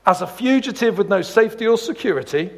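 Fast and high-voiced, a male guest preacher fills a large hall with a sermon built around funny stories. He slips animated, jokey asides in between his points of scripture.

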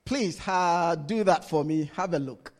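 A man preaching a sermon to his congregation, slow and deliberate, often laughing as he leads them. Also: fairly high pitch.

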